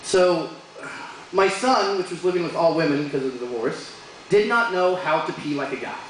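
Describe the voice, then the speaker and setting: Telling funny stories about his kids and voicing them comically, a man does stand-up on a bar stage at a moderate pace in a fairly high voice. There's slight background noise, and the bar room echoes heavily with crowd sounds.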